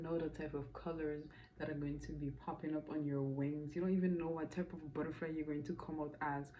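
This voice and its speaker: A woman in her thirties giving a casual tarot reading to camera, animated and affectionate, calling the viewer honey. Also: low-pitched, moderate pace, muffled recording. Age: 30s. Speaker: tarot reader.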